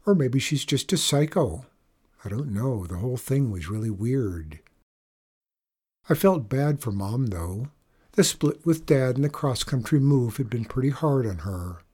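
A man with a husky voice narrating a story in a measured, low-key first-person telling. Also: animated, a little mellow.

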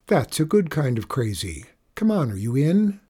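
A man's voice: medium pitch, big pitch swings, moderate pace, warm tone, breathy edge. A man voicing an easygoing, friendly middle-school boy. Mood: eager. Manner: easygoing, eager.

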